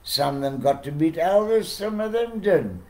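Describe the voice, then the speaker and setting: An older man with a South African accent, telling anecdotes as a podcast guest with lively, chuckling delivery. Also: a little high, moderate pace. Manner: animated, chuckling storyteller who acts out quotes. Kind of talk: casual storytelling.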